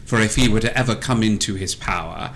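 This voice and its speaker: A man voicing a scheming female witch who speaks in low, quiet, conspiratorial tones. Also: fairly quick, a little hiss or hum. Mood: secretive. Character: scheming hushed female witch, Baba Lasagna.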